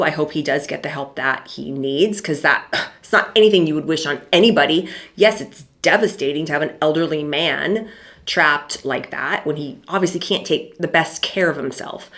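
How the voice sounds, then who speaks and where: Low-voiced middle-aged woman, chatty vlog. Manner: chatty, dry sarcastic asides, frequent fillers. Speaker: vlog host, commentator. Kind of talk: casual commentary vlog.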